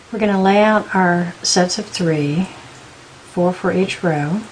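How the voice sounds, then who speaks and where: A woman giving a patient step-by-step beading tutorial, counting out beads slowly as she works. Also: fairly low pitch, slight background noise, poor audio. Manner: patient, counts beads aloud in slow steps. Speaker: beading instructor.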